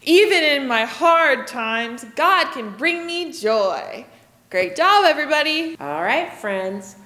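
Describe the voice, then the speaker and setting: A woman children's pastor with a high, bright voice that rises and falls with energy, coaxing the kids along at an unhurried pace. She is heard in a big echoey hall with long reverb. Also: animated. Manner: slow, encouraging, calls out to the kids. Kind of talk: leading a kids' church lesson.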